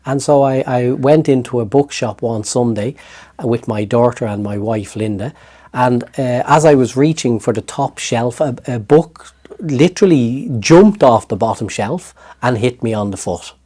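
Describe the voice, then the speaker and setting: A middle-aged Irish man, a therapist, recounting a personal story in an interview with lively restarts. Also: medium pitch, normal speed. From Ireland. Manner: animated storytelling with hesitant restarts. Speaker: guest, therapist.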